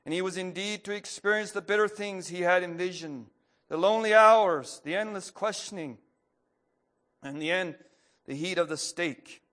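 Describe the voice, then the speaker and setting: A man preaching a sermon who reads a story aloud, then speaks plainly with pauses and fillers, clearing his throat often. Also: sits high, fairly bright tone.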